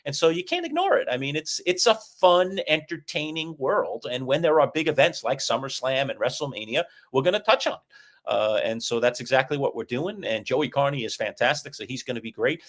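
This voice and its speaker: A middle-aged man co-hosting a sports talk show, chatting and telling stories in an animated way. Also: medium pitch, brisk. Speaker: co-host.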